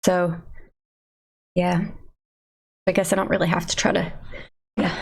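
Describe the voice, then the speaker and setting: A woman from Eastern Kentucky, USA, with the accent to match, chats casually with her live chat as a livestreamer at her computer, rambling in a self-deprecating way. Her voice is fairly low and gravelly with a breathy edge, unhurried, and has little pitch movement.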